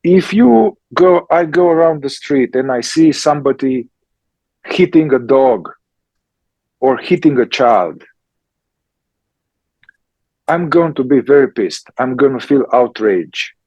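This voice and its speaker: Slow, emphatic man. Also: mid-range voice, expressive, a little mellow, no echo, muffled recording. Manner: slow, emphatic, checks in with repeated "yeah?". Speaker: somatic psychotherapist and teacher. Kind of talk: conversational talk answering questions.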